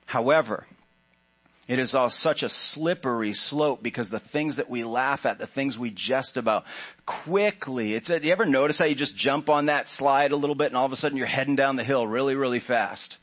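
This pastor's medium-pitched voice is a bit bright and moves at a moderate pace. Preaching in the church sanctuary, he talks to the congregation casually and jokes with them.

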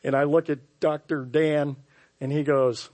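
A man preaching a sermon as pastor, telling a story with wry, self-mocking humor and swinging from hushed tones to loud outbursts. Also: on the high side, little pitch movement, measured pace. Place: church sanctuary.

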